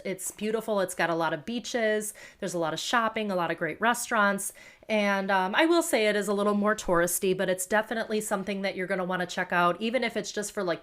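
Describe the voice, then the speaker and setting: A woman's voice: mid-range voice, fairly bright tone. An American woman hosting a podcast, telling travel stories in a chatty, rambling way with many fillers. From United States. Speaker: podcast host. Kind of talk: casual travel storytelling.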